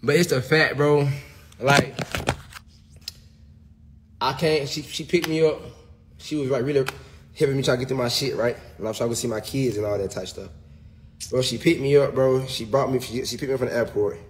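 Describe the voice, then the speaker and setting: A man talking straight to his viewers in a loose livestream rant. He swears freely and hammers his points home, ending line after line with "bro." His voice sits at an everyday middle pitch. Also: steady tone, moderate pace, pauses often, slight background noise. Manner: profane, emphatic, keeps saying bro.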